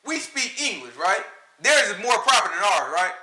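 A man preaching with a bright, sharp voice that swings up and down. He talks in an emphatic, colloquial, mocking way. The sound carries an echo from the space around him. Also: high voice, sing-song, moderate pace. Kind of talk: animated street preaching.

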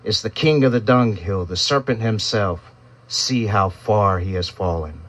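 A man voicing a towering, glowing winged angel who speaks with a calm, solemn, preaching cadence. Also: lowish voice, a little slow, no echo. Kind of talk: scripted narration.

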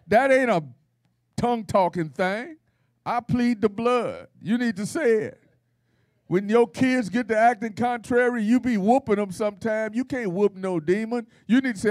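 A man's voice: sits high, expressive, measured pace, a little mellow, dry recording, studio quality. A man preaching at a Bible study in a folksy, playful style, with call-and-response and laughter. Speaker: pastor.

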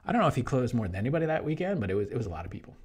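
A man talking as an online business coach in a casual promotional monologue, energetic, jumping between loud bursts and hushed asides. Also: mid-range voice, rapid-fire, slightly rough. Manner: mimics other people in quoted voices.

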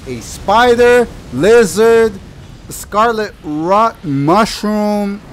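A man giving excitable let's play commentary, talking to enemies on screen and exclaiming over the game. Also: sits high, drawn-out words, a little hiss or hum. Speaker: gaming YouTuber. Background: game music.

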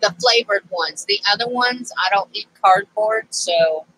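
A woman's voice: medium pitch, unhurried, pushed and bright, rough recording. A woman vlogging casually to camera as she works on a craft project, rambling and easily sidetracked.

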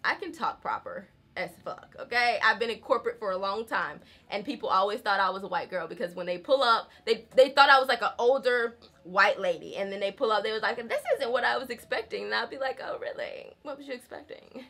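A woman's voice: medium pitch, lively intonation, fairly quick, hardly any pauses, bright, forceful tone. A young woman with a Southern American accent, from the rural South, chatting candidly to camera in a home vlog. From Southern United States, rural. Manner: chatty, candid, frequent laughs, says y'all. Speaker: vlogger. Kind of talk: casual chat to camera.

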